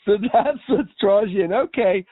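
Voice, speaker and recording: A man's voice: high-pitched, moderate pace, no echo. Questioning man, thin phone-like sound. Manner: probing, asks leading questions, summarizes. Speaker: co-host asking questions. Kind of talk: casual chat. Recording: tinny phone-like dry sound.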